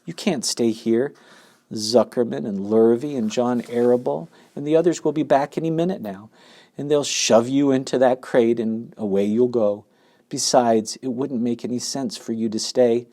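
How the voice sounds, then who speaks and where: Soft, resigned female spider, low and quiet, read by a male narrator. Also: normal speed, close to an everyday voice. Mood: firm. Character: calm, dying female spider, quiet and firm.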